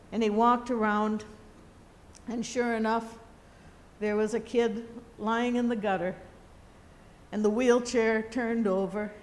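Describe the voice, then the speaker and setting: Slow, gently storytelling woman preacher. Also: medium pitch, slight background noise. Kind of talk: sermon storytelling.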